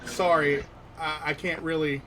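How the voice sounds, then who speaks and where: A frightened, wounded goblin survivor, as a man puts him on, speaking in broken, halting fragments. The voice sits a little high and unhurried, with a faint background hiss. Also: flat delivery, sharp tone, low-quality recording. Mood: astonished.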